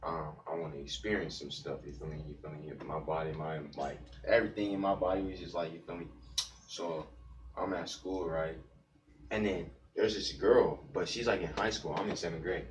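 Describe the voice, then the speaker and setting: A man's voice: deep voice, steady tone, moderate pace. A young man in his teens telling a story in a laid-back, slangy way. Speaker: panel guest. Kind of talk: casual storytelling. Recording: echoey room, far from the mic.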